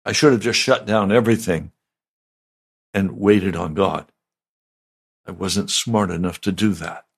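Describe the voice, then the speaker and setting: An older man, a pastor, giving a slow, deliberate, conversational sermon. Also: low-pitched, vocal fry, slightly rough.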